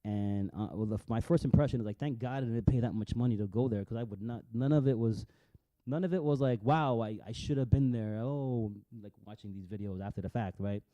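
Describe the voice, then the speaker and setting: A man's voice: medium pitch, fairly quick, few pauses, mellow, dry recording, muffled recording. A man commenting casually on video clips, rambling, swearing, and repeating words as he goes. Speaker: vlogger.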